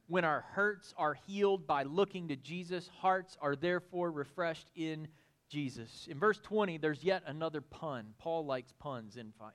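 A male pastor preaching an expository sermon, folksy and animated, building to excited emphasis. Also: a little high.

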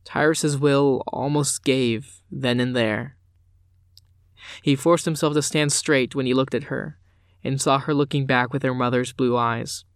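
A man narrating a dark fantasy audiobook in a measured, unhurried manner. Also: mid-range voice, fairly even intonation, smooth, no room sound, clean studio sound.

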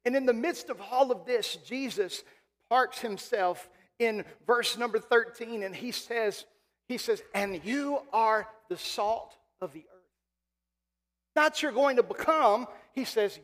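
A man with a strikingly high voice preaches in a church sanctuary, and the long reverb of the big hall trails after every phrase. He leans hard into emphatic lines and draws certain words out slowly. Between those peaks he falls back to a quieter, explaining tone. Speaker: pastor. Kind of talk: sermon.

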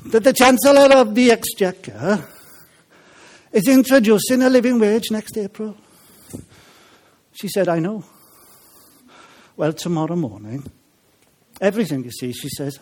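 A man putting on a Welsh accent to voice an excitable Welsh man in a funny story, loud and emphatic. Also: sits high, a little slow, long pauses, voice pushed up. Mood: insistent.

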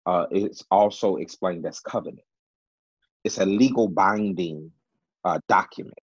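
A man's voice: sits low, unhurried, breathy edge, no echo, dull audio. A man teaching from the Bible in a panel discussion, emphatic and repeating key words, with many fillers.

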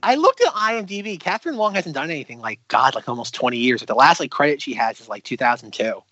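Lively, animated male podcast co-host. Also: mid-range voice, fast talker, no room sound, highs cut off. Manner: lively, playful, swears casually. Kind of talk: casual chat.

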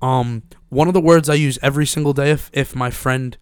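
A man's voice: mid-range voice, steady tone, fairly quick, clean tone, no room sound, clean studio sound. A young man with a Brooklyn accent in casual, profane banter, teasing his friends and laughing often. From Brooklyn, New York. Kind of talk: casual chat.

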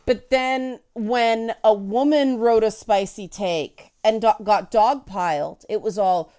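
A woman in her thirties giving blunt, opinionated commentary, emphatic and quick to swear. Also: medium pitch, smooth. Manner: blunt and profane, animated and emphatic. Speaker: video commentator.

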